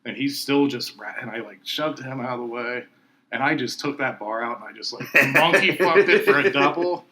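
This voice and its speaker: A man's voice: medium pitch, moderate pace, sharp tone. A man hosting a podcast, chatting casually and laughing as he retells gym stories. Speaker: podcast host. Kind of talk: casual chat.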